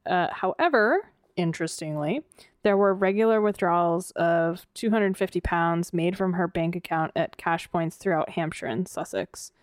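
A woman co-host talks loosely on a podcast, with fillers and the odd restart. Her voice sits a bit low and comes through smooth and clear. The sound is dry and close. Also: normal speed, no room sound. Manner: storytelling with fillers and restarts, laughing easily. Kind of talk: casual true-crime podcast chat.

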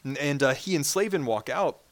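A man co-hosting a casual fan discussion podcast, talking animatedly with fillers and quick restarts. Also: a little high. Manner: animated, swears, quotes characters in put-on voices. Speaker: podcast co-host.

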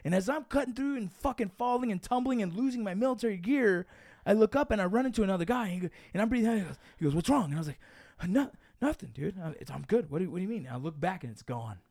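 Young guy, quick, swears constantly, dude-and-bro storyteller, dry close mic. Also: sits high, no room sound. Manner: profane, animated, says dude and bro. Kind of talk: casual storytelling chat.

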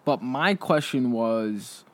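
A man's voice: medium pitch, animated, takes it slowly. Rambling young man in casual chat. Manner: rambling, filler-heavy, many restarts. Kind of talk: casual conversation.

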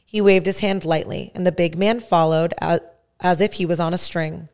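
A woman hosting a podcast reads a first-person story aloud at a measured pace. Her voice is low, with a gravelly fry running through it. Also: fairly even intonation. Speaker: podcast host. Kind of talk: story reading.

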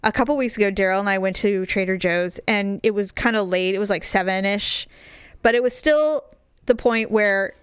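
A woman's voice: mid-range voice, moderate pace, smooth, no room sound. Blunt, profane woman telling stories. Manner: profane, blunt storyteller acting out quotes. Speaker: podcast co-host. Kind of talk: casual chat.

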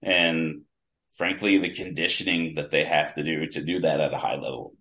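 Bright and forceful despite an extremely low pitch, this man talks at normal speed with fairly even intonation as a podcast guest. A longtime wrestling fan, he casually spins vivid, detailed stories full of restarts.

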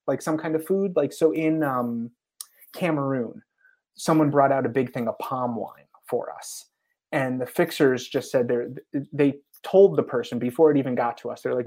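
Animated American man telling stories. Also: mid-range voice. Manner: animated anecdotes with frequent laughs and acted quotes. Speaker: guest, TV traveler. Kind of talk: casual storytelling interview.

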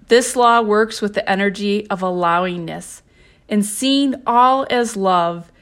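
A woman talks at an unhurried, deliberate pace on her spiritual podcast. Her voice sits at an ordinary middle pitch. She sounds calm and gentle, and she reads out passages from her own book in a measured way. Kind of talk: slow reflective spiritual talk.

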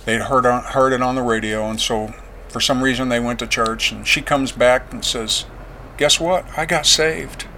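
A man giving a personal testimony as a veteran, plain-spoken and earnest, going quiet on painful memories. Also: mid-range voice, flat delivery, moderate pace, slight background noise.

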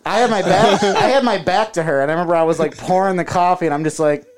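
A man in casual chat who tells a story with expressive, animated delivery. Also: sits high, quick pace, noisy background.

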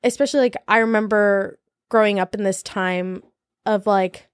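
A woman's voice: medium pitch, steady tone, moderate pace, clear, resonant tone, dry recording, studio quality. A young woman in her twenties talking candidly in a casual podcast chat, laughing often and using many fillers.

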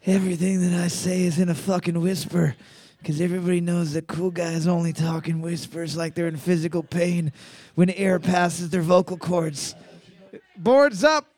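A man's voice: high-pitched, little pitch movement, normal speed, dark tone. Profane joking man hosting trivia. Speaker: trivia host. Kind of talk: casual bar trivia hosting over a mic.

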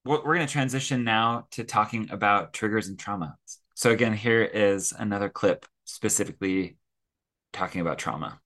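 A man's voice: lowish voice, normal speed, fairly bright tone. A man hosting a podcast discussion, politely thanking guests and moving the talk along. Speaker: podcast host. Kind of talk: moderating a discussion.

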